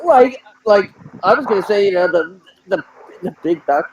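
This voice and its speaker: A man's voice: sits high, animated, moderate pace. A man co-hosting a podcast in casual banter, tossing in teasing jokes. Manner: teasing, joking asides. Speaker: podcast co-host. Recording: dull lo-fi audio with faint noise.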